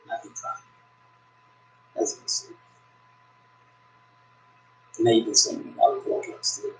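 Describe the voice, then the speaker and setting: A man reading a founding text aloud slowly and haltingly, correcting himself as he goes, then giving preachy religious commentary. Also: medium pitch, huge pitch swings, reverberant, poor audio. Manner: preachy, exhorting. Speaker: YouTube commentator.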